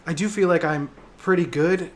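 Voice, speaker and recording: A man's voice: on the high side, moderate pace, a little hiss or hum. Reflective man hosting a casual livestream. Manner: reflective, hesitant, many fillers. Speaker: livestream host. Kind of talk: casual livestream chat, reading viewer comments.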